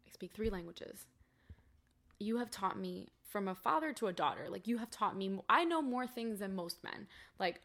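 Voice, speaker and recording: Woman in her 20s, interview guest; bright tone with gravelly fry, chatty storyteller. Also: mid-range voice. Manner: chatty, many "like" fillers, quotes family in dialogue.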